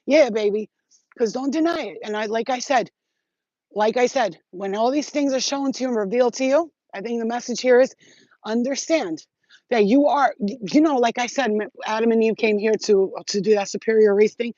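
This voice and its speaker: Brief: woman vlogger with a slightly high voice, swearing freely and rambling, recorded dry and muffled. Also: moderate pace, no echo. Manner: profane, excitable, streetwise slang. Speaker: spiritual vlogger. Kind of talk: rambling casual monologue to viewers.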